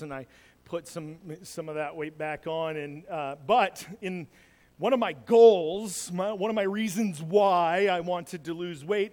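Guy pastor rambling thru a sermon, jokey about himself, long echo like a church sanctuary. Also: a little high. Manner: rambling, self-deprecating and joking, with frequent restarts. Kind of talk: casual sermon with personal stories. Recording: long hall reverb.

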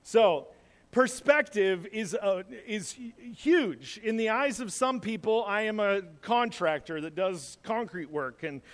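Speaking at a slow pace with a high, lively voice, this man preaches an informal sermon as a pastor. His self-deprecating personal anecdotes wander and keep restarting, and the room carries a long hall reverb.

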